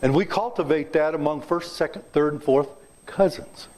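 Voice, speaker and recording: A man's voice: on the high side, moderate pace, darkish tone. A man in his seventies from Kansas, giving a folksy, joking talk to a club and quizzing the audience. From south central Kansas, USA. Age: 70s. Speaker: guest speaker. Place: club meeting room.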